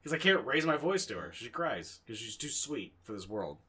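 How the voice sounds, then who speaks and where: A man's voice: mid-range voice, big pitch swings, normal speed, a crowd in the background. A young man co-hosting a podcast in casual chat, telling rambling, profane, self-mocking stories. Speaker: podcast co-host.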